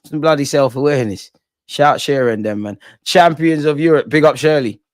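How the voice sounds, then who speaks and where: A man's voice: a little high, fairly quick, dry recording. Young male fan-channel host, slangy and hyped, dry close mic. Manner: excitable, slangy, shouts out viewers. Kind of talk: live watch-along reaction.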